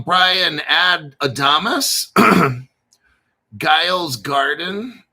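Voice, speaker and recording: A man in a loose, unscripted crypto stream, jumping between jokes, stories and coin talk with plenty of swearing. His voice is very bright and sharp, sitting a touch higher than most men's, and he takes his time with his words. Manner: rambling, profane, jokey. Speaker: crypto YouTuber. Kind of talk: casual unscripted livestream talk.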